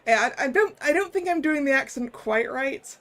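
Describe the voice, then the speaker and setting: A woman's voice: high-pitched, animated, moderate pace, a bit bright. A British woman streamer reading a visual novel aloud, joking about her own accent work. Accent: British English. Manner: self-deprecating, giggly. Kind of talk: reading a game aloud with commentary.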